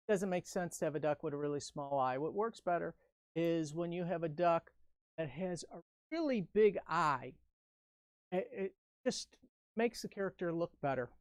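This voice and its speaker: A woman's voice: fairly low pitch, dry recording. Woman instructor, casual live-stream teacher, upbeat running commentary, playful asides. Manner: chatty, upbeat, talks through each step while working; playful asides and jokes to viewers. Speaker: balloon artist and instructor. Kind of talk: live-stream craft tutorial.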